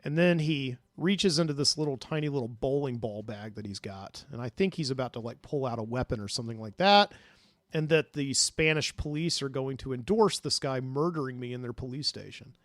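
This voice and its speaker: A man's voice: medium pitch, animated, fairly quick, no room sound. A man hosting a podcast, telling a dream story in a rambling way with many fillers, recorded in a studio. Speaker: podcast host.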